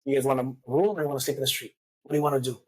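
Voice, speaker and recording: A woman's voice: rumbling low, fairly even intonation, rapid-fire, darkish tone, husky, poor audio. A woman telling stories in a casual chat, profane and acting out the voices of people she quotes.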